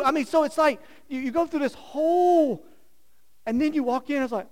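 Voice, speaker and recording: A middle-aged man preaching a sermon, telling stories with rhetorical questions and swinging from loud bursts to hushed lines. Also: very high voice, moderate pace. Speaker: pastor.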